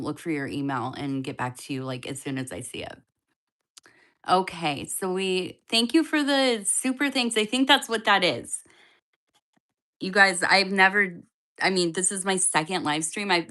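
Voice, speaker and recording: A woman's voice: lowish voice, bright, forceful tone. A woman giving tarot readings on a live stream, chatting loosely and speaking straight to her viewers. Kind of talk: casual live-stream reading, answering chat.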